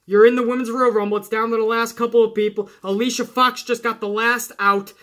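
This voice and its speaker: A man hosting a casual wrestling podcast, animated and chatty, swearing and talking straight to his listeners. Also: very high voice, a little fast. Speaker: podcast host.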